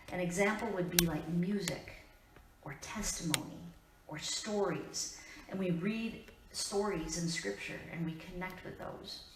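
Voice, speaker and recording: This is a sermon from a woman pastor whose Upper Midwest accent colors a voice pitched slightly low for a woman. She speaks earnestly and deliberately, leaving pauses between phrases. The church room's echo is strong, the voice distant, with a little hiss or hum.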